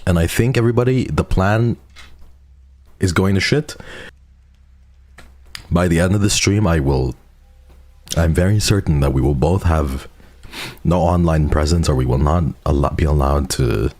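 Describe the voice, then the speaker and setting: A man's voice: sits low, unhurried, pauses often, a little mellow, no room sound. A man hosting a live stream, chatting casually with a guest, joking and swearing often. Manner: joking, profane, laughs often. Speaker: streamer host.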